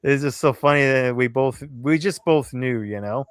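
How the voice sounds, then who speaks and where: A man with a smooth, clear voice spins lively anecdotes in casual talk, breaking into quick little impressions. The recording is dry and close to the mic. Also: mid-range voice, dry recording. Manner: animated storyteller, playful impressions. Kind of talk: casual chat, personal stories.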